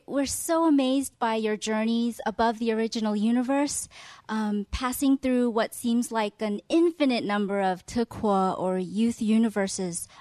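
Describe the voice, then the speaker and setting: A woman asks respectful questions slowly and with deference. Her voice sits slightly high and sounds dry and close. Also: darkish tone, no echo. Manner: deferential, reacts with awe. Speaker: interviewer.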